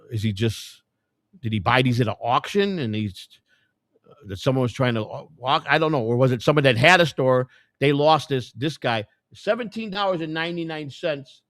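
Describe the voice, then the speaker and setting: A man hosting a live stream, rambling and swearing as he thinks out loud to his chat. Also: medium pitch, no room sound, studio quality. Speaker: livestream host. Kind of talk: casual live-stream commentary.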